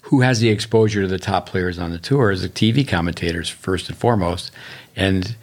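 A man with a very low voice chats casually on a podcast, a middle-aged tennis coach. He rambles through anecdotes and now and then speeds up. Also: a little fast.

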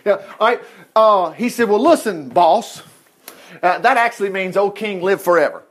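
In a high, fairly quick voice, a man preaches a conversational sermon with folksy, animated energy. He keeps interrupting himself to act out the dialogue from scripture.

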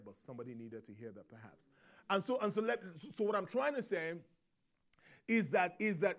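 A man preaching a sermon in a church. He is emphatic, repeats phrases, calls out amen, and restarts his sentences when he thinks aloud. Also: sits high. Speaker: pastor.

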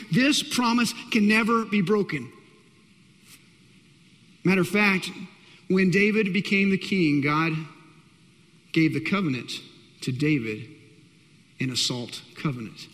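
A male pastor with a high-pitched voice preaches with emphatic, repetitive phrasing, talking straight to his congregation. His voice rings out in a church hall with a long, lingering reverb. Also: a bit bright. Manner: emphatic, repeats key phrases, direct address to congregation. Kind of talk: sermon.

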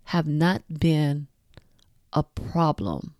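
A woman's voice: low voice, expressive, very slow, darkish tone, no echo, clean studio sound. A woman in her forties hosting a show, talking frankly and casually to her listeners, swearing freely and laughing at her own jokes. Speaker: podcast host.

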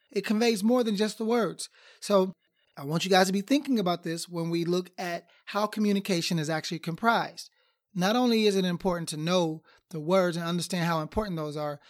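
A marriage counselor giving a teaching talk to listeners, asking many rhetorical questions and repeating key points for emphasis. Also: medium pitch. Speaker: marriage counselor and podcast host.

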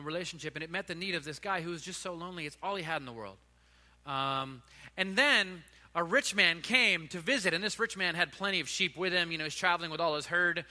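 High bright-voiced man preaching in a hall. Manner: informal, conversational storytelling. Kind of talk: sermon storytelling.

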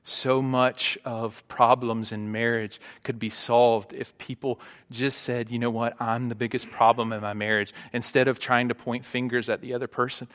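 With a medium-pitched, fairly bright voice, a pastor delivers a flat, normal-speed sermon with hardly any pauses. He addresses the congregation conversationally, often checking in with "right?", and the church sanctuary adds long hall reverb.

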